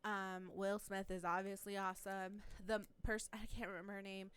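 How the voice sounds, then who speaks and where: During a casual podcast chat in front of the TV, a young woman co-host tells stories with plenty of laughter and swearing. Her mid-range voice is clean in tone and moves at a moderate pace.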